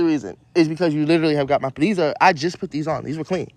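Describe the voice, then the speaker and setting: A man casually reading a children's story aloud and breaking off into loud, profane, joking commentary. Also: a little high, steady tone, fast talker, hardly any pauses, no echo, clean studio sound. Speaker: radio show host reading to kids.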